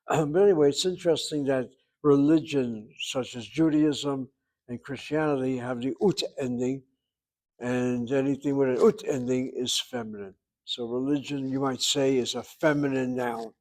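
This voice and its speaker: A man teaching a Hebrew grammar lesson, explaining patiently and repeating words slowly to show how they sound. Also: mid-range voice, fairly even intonation, a little mellow, poor audio. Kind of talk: classroom grammar lecture.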